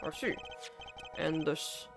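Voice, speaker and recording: A woman streamer voicing an elderly male judge who talks in a halting, hesitant way while reading game dialogue aloud. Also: low voice, creaky, over music, voice pushed down, full character voice. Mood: ponderous. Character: elderly male courtroom judge, fussy and easily swayed.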